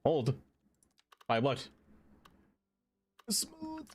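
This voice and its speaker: A man's voice: mid-range voice, very slow, slightly rough. A man live-streaming a city-building game, chatting playfully with viewers, greeting them by name and laughing often. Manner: playful, easily excited. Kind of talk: casual live-stream chat.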